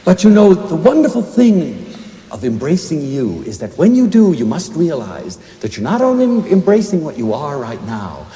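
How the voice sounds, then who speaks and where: Male inspirational lecturer, mellow tone, very animated pitch, long hall reverb. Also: normal speed. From United States. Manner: emotional and expressive, swinging between hushed and emphatic. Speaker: university lecturer and inspirational speaker. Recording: echoey lecture hall recording.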